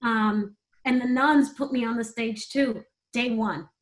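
Middle-aged woman, candid interview guest, emotional and quick to laugh. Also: fairly high pitch, fairly even intonation. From United States.

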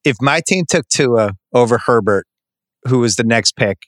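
A man hosting a sports podcast, bantering casually and ranting with animated, self-interrupting energy. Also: mid-range voice, moderate pace, no echo, clean studio sound.

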